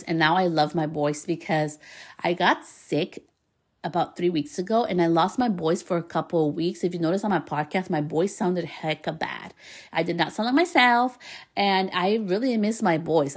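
Woman host, lowish voice, casual upbeat tips, loose and talky. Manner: chatty, upbeat, frequent fillers and mild swearing. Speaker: podcast host giving business tips to hairstylists. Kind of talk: casual advice talk.

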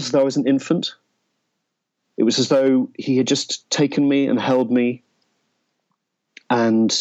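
A man, an interview guest, telling a personal story in a reflective, halting way with frequent restarts. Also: mid-range voice, a little mellow, lo-fi sound. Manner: halting, searching for words, many restarts.

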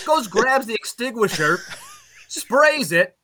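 A very high-pitched voice at a measured pace belongs to this middle-aged play-by-play broadcaster from Utica, New York, in the upstate region. Chatting casually on a podcast, he recounts road stories with animation, getting loud on the punchlines.

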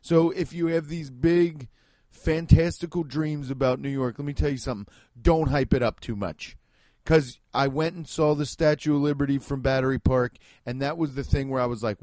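A man's voice: medium pitch, normal speed, darkish tone, no echo. A man from the Midwest, a podcast host and stand-up comedian, talking in a casual, rambling, sarcastic monologue full of swearing. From American Midwest.

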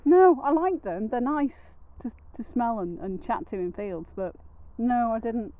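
A woman's voice: on the high side, expressive, a little slow, no room sound. Wry rambling woman podcasting outdoors. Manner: rambling, wry and self-mocking. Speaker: podcast co-host. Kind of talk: casual outdoor podcast chat. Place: outdoors, sitting on a rock in the hills. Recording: narrow phone-like sound with faint noise.

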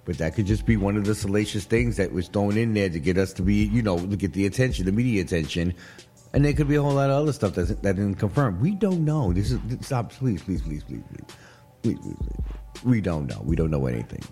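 Lively low-voiced man hosting a casual studio chat. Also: quick pace. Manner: rambling, laughing, repeats "you know what I mean". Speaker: show host. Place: studio with guests. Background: faint music.

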